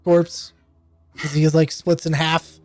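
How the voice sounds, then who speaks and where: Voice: mid-range voice, level tone, slow, dry recording. Casual player on a dry mic, faint music. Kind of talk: tabletop play over voice chat.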